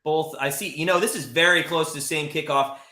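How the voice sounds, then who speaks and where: A man's voice: fairly high pitch, fairly even intonation, fairly quick, bright, forceful tone, echoey room. An American man hosting a live watch-party stream, upbeat and talking to the chat viewers. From United States.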